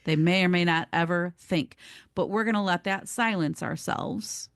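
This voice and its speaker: Lively low-voiced woman podcaster. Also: normal speed, no room sound, clean studio sound. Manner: animated, laughs often, mild swearing. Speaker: podcast co-host. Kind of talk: casual conversational podcast.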